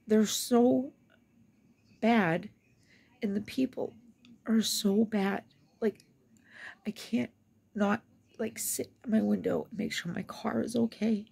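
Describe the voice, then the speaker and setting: Distraught woman ranting in a gravelly voice. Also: mid-range voice, mellow. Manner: distraught, swearing, swings between whispers and angry outbursts. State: upset, near tears. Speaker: vlogger venting. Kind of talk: emotional rant to camera.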